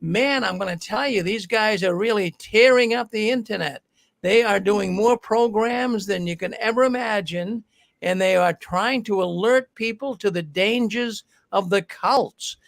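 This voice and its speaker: Gravelly high-voiced male call-in host. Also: unhurried. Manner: friendly, rambling with restarts. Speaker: show host. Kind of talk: casual call-in show hosting.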